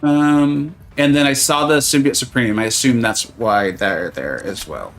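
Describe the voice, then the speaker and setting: While streaming a game, a man chats casually and jokes with viewers, greeting them by name. His mid-range voice is unhurried and a bit bright, with faint music behind it.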